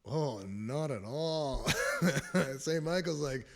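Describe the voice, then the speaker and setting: A man's voice: on the high side, animated, moderate pace, darkish tone. Rambling man with frequent chuckles. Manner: rambling, chuckles often, restarts sentences. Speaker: host of a spiritual talk show. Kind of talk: casual spiritual testimony.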